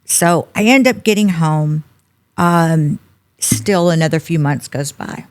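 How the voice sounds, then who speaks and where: A middle-aged woman with a drawl and a somewhat low voice tells her story in an interview. She speaks in an animated way and slips into the voices of the people she quotes. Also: slow pace. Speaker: podcast guest.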